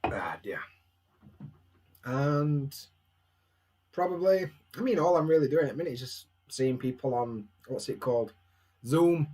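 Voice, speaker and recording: A man's voice: medium pitch, lively intonation, a little slow, pauses often, dark tone. A young man with a Barnsley Yorkshire accent, chatting casually and self-mockingly at home on a live stream, answering viewers' questions.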